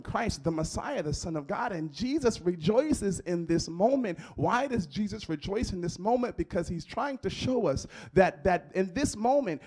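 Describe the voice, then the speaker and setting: A male pastor preaching a sermon, repeating phrases and building emphasis as he goes. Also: sits high. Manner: opens with soft prayer, then preaches with rising emphasis.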